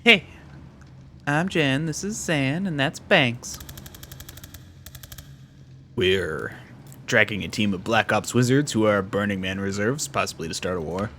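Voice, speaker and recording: A man reading game dialogue aloud for a young woman leading a wizard team, close to his own voice with a brisk, plain delivery. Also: lowish voice, lively intonation, a bit bright, slight background noise. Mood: friendly.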